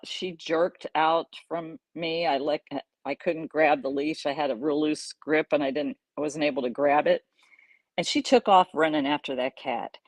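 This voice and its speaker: A middle-aged woman hosting a podcast, casually recounting a personal story in an animated way, chuckling and restarting her sentences. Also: deep voice, no room sound. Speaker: podcast host.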